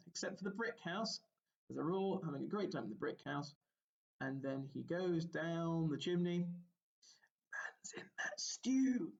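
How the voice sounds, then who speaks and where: A male primary school teacher talks young children through a story lesson, explaining gently and pausing to ask them questions. His voice sits a little high and carries a gravelly edge. The recording sounds dull and lo-fi.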